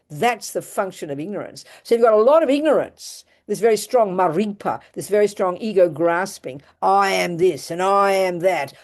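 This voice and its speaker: An older woman with an Australian accent, a Buddhist nun giving an animated, emphatic dharma talk, often restarting and repeating her phrases. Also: mid-range voice.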